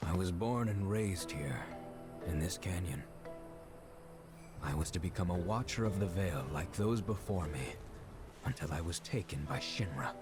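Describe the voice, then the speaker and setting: An actor voicing a solemn, wise male talking red beast in a video game, speaking with a deep, grave, measured voice. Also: lively intonation. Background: game music.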